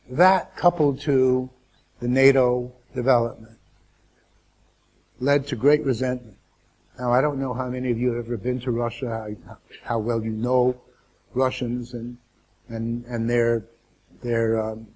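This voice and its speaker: A man gives a lecture to a student audience in a husky voice of middle pitch. He talks deliberately, with wry asides and restarts. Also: level tone, a little mellow. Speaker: guest speaker.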